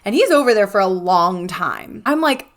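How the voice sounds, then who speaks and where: A young adult woman hosting a podcast, telling a personal story in a casual, animated way and acting out the dialogue with lots of "like.". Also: medium pitch, normal speed. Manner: animated, acts out quoted dialogue, frequent "like". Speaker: podcast host.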